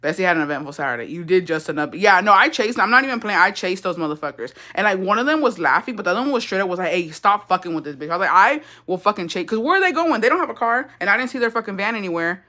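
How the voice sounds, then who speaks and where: A woman's voice: medium pitch, sing-song, very fast, few pauses, pushed and bright. Profane young woman ranting on a livestream. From Texas. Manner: profane, blunt, mixes in Spanish phrases. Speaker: livestream host. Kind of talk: casual livestream chat, storytime. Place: indoors, livestream.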